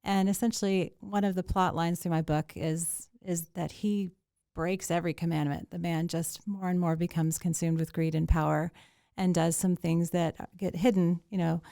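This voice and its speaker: A middle-aged woman with a low voice and a gravelly edge, talking fast with restarts and ums as she chats about her writing. The sound is smooth and dry, with no room around her. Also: fairly even intonation, mellow, no room sound. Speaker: author guest. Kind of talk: casual interview chat.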